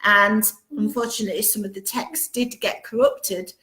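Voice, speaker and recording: Bright-voiced woman hosting a live chat. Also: mid-range voice, fairly even intonation, normal speed. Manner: greets viewers one by one, reading out comments. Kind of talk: casual live-stream chat. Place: home. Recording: roomy echo.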